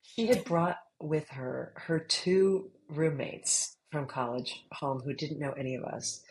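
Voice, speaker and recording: A middle-aged woman, an author being interviewed, telling stories in a lively, laughing way that jumps high when she gets worked up. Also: takes it slowly, poor audio. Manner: animated, laughing storyteller, squeals when retelling. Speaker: author guest. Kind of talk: casual storytelling interview.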